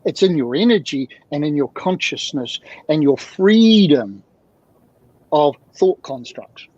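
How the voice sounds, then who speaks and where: A man speaking as a guest mentor in an interview, animated and fond of repeated rhetorical questions, heard through dull lo-fi audio. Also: a little high, unhurried, dry recording. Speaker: guest, emotional communication mentor. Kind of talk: video-call interview talk.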